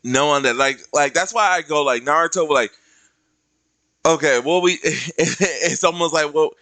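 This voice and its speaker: A man streamer ranting casually, slangy and animated, dropping into other voices to act out quotes. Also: fairly high pitch, unhurried, no echo. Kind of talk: casual rant.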